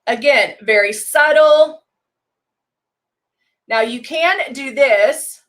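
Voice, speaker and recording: A woman's voice: high-pitched, drawn-out words, fairly bright tone. A middle-aged woman hosting a makeup live stream, chatting casually as she works and greeting viewers by name. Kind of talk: casual demo chat.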